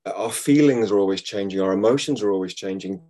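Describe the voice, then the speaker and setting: Guy guesting on a podcast, kinda husky, gentle and chatty. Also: on the low side, fast talker. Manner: gentle, chatty, laughs easily. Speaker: guest, law of attraction and yoga teacher. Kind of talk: casual podcast chat. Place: studio.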